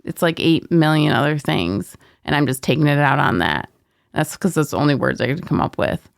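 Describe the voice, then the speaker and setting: A woman co-hosting a recovery podcast, telling a personal story in an animated, casual way and laughing through her words. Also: low-pitched, fairly quick, creaky, dry recording, clean studio sound. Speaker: podcast co-host.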